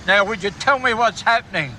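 A man's voice: high voice, lively intonation, a little fast, pushed and bright, slight background noise, full character voice. Man doing a grumpy old courier. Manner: grumpy, impatient. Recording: music playing behind.

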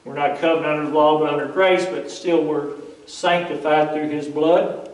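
A man delivers a sermon in a fairly high voice, retelling scripture in a folksy, conversational way. He stands some distance from the microphone, and his words ring around an echoey church sanctuary. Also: steady tone, moderate pace. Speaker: preacher.

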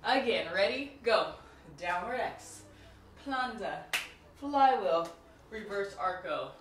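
A woman speaks slowly in a medium-pitched voice with lively intonation, teaching a martial arts routine in a video tutorial. She counts out moves and cues students, chatting, laughing, and joking with viewers between drills. The sound is echoey, the mic distant, with faint music underneath.

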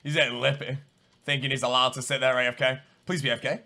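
A young man giving excitable live gameplay commentary, swinging between low muttering and loud yelling. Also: fast talker, creaky. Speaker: gaming streamer.

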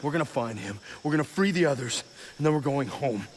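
A man plays a determined young man in a video game who steers his sibling with short, urgent commands. His voice moves lively up and down. Noise from the game sits behind him. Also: mid-range voice, a little fast, lightly acted.

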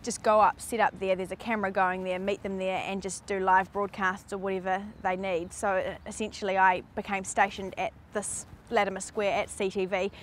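A New woman, a reporter, recounting events in a measured, plain way. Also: mid-range voice, flat delivery, a little hiss or hum. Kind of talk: documentary interview recollection.

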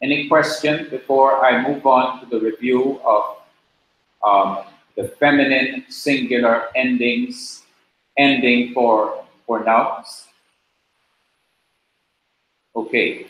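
A man teaching a class, explaining slowly and patiently and repeating key points. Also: medium pitch, fairly even intonation, fairly bright tone. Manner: slow, patient explaining with repetition. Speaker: preaching school teacher. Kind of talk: classroom lecture. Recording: very echoey classroom.

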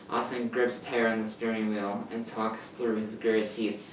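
A man's voice: lowish voice, flat delivery, normal speed, a little hiss or hum. A young man reading his fan story aloud in an amateur way, stumbling and repeating words, on a distant mic in a roomy space.

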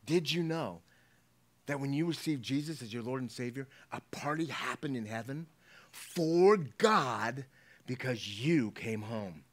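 A man preaching a sermon as pastor, animated, swinging between hushed asides and loud exclamations. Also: mid-range voice, measured pace.

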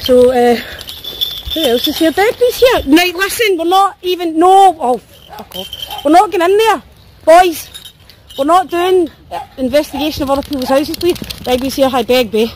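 A Scottish woman out walking her dogs in the woods chats to her phone for a casual vlog, tired and sore, swearing and voicing what her dogs are thinking. Her voice is high-pitched and expressive with a darkish tone, at a normal pace, and there's slight background noise.

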